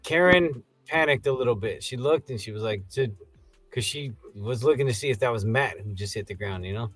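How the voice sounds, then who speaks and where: A man co-hosting a podcast, recapping a show in casual chat, laughing and jumping into silly high voices. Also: fairly quick, fairly bright tone, faint music behind. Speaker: podcast co-host.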